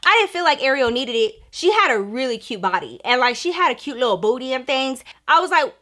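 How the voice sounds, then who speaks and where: A young woman telling a casual storytime to her viewers, animated, slangy and profane, talking straight to the camera. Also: high-pitched, brisk. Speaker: storytime vlogger.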